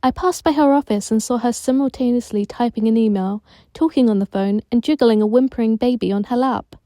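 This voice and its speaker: A woman's voice: fairly high pitch, a little fast, warm tone, no echo. Woman reading a children's audiobook. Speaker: audiobook reader. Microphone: home recording.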